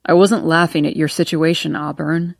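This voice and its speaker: Audiobook: woman reading a cocky young male cop, low and teasing, dry close recording. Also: steady tone, moderate pace, vocal fry, dry recording.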